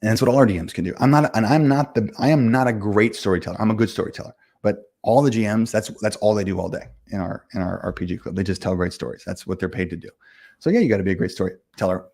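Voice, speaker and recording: His voice is fairly low, a little mellow and slightly rough, with vocal fry. The man, a game company owner hosting a casual livestream, responds to viewers' comments on running games in a fast, rambling, blunt and self-assured manner, constantly restarting and using fillers.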